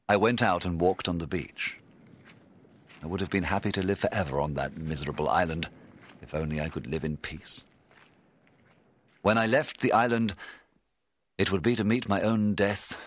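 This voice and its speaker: A man narrating a storybook in the first person, in a measured, dramatic way that rises at tense moments. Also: sits low, dry recording. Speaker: audiobook narrator.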